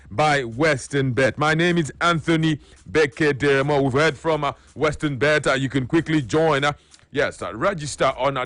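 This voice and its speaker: A man presenting a sponsored radio segment, halting with many fillers. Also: fairly high pitch, fairly bright tone, no echo.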